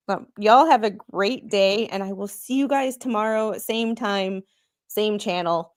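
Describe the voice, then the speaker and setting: Brief: female host, chatty and rambling, mid-pitched. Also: lively intonation, takes it slowly. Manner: chatty, rambling, many ums. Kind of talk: casual livestream chat.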